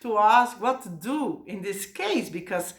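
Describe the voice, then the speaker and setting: A woman retells an old myth in a casual, hesitant way, full of fillers and restarts. Her voice sits at a middle pitch and sounds roomy and echoey. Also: lively intonation, unhurried. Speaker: storyteller. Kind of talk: casual oral storytelling. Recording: roomy echo.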